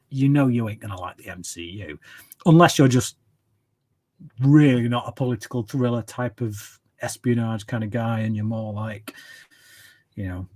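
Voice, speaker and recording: A man hosting a casual livestream Q&A, rambling and opinionated, humming filler syllables while he reads the chat. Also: mid-range voice. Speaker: channel host answering viewer questions.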